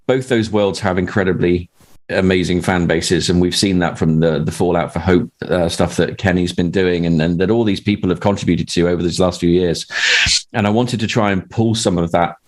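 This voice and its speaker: A man, the script's writer, talking casually on a podcast in a halting way with lots of restarts. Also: sits low, fairly even intonation, a little mellow.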